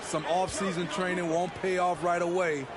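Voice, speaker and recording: An actor playing a calm, analytical basketball color commentator in a video game. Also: male voice, high-pitched, background noise, close to an everyday voice. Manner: measured, explanatory. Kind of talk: sports commentary.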